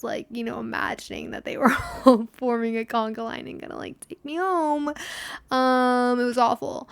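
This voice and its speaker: Chatty young woman with a gravelly edge. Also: on the high side. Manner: chatty, self-deprecating, acts out quotes. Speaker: podcast host. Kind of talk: casual solo storytelling.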